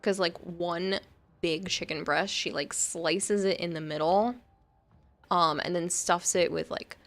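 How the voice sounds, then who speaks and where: A woman's voice: on the low side, steady tone, unhurried, fairly bright tone. A woman livestreamer chatting casually and rambling as she plays a game and reads out her chat, often breaking into laughter. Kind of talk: casual chat while gaming and reading chat.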